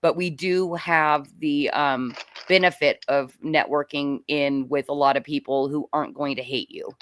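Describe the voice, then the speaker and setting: A woman's voice: low-pitched, fairly even intonation, normal speed. A woman co-hosting a casual stream, friendly and encouraging about networking. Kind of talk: casual chat.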